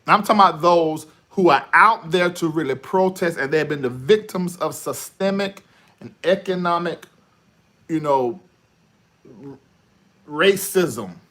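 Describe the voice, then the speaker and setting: A man hosting a live online talk show, thinking out loud in an animated monologue that swings from shouting to muttering. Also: fairly high pitch, measured pace. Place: studio.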